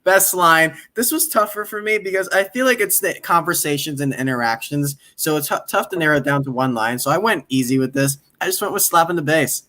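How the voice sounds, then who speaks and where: Giggly male podcast host, bright and slightly high voice. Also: fairly quick, few pauses. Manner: giggly, laughs often while talking. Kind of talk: casual podcast chat.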